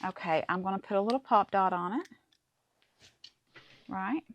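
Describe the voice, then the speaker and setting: A woman's voice: medium pitch, normal speed, dull audio. A middle-aged woman hosting a casual craft tutorial, chatting to viewers as she works through each step. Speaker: crafting channel host.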